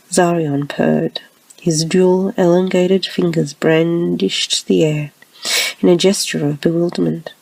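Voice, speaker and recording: A woman narrating a science-fiction story in a soft, hushed whisper. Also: deep voice, steady tone, unhurried, creaky, breathy edge, dry recording, far from the mic, low-quality recording.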